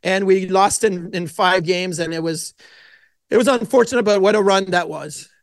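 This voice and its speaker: A middle-aged man, a podcast guest, telling stories in an animated way and acting out his own quotes. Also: sits high, moderate pace, dry recording. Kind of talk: casual storytelling interview.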